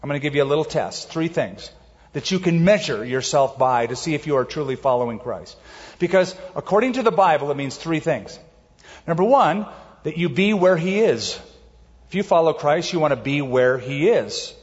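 A man preaching a sermon as a pastor, emphatic, slowing down to stress key words. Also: a little high, expressive. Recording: dull audio with long hall reverb.

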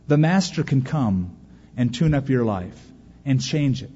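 A man's voice: mid-range voice, slightly rough. Man preaching in a reverberant hall. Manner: animated preaching with acted-out quotes and dramatic pauses. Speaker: pastor. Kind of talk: sermon. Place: large church auditorium. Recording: muffled recording in a large reverberant hall.

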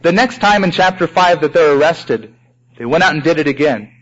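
Man, preacher, sermon, animated, high-pitched, muffled old recording. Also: fairly quick. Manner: animated, acts out prayers in raised voices. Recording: dull lo-fi recording.

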